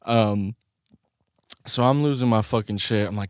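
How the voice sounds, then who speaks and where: A man hosting his own podcast from a home studio, telling a story in a casual, animated way, swearing constantly and laughing along. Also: medium pitch, moderate pace, smooth, dry recording. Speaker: podcast host.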